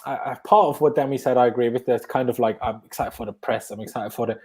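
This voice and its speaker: A man's voice: mid-range voice, fairly even intonation, fast talker, a little mellow, husky. A young man hosting a live-stream fan chat, enthusiastic and rambling, with frequent restarts. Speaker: host.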